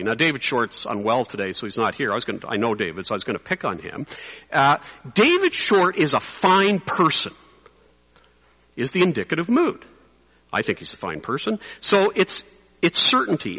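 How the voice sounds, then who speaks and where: A man preaching a sermon to clergy, conversational and animated, sometimes dropping to a quiet, intense hush. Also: fairly high pitch, breathy edge, long reverb tail, low-quality recording.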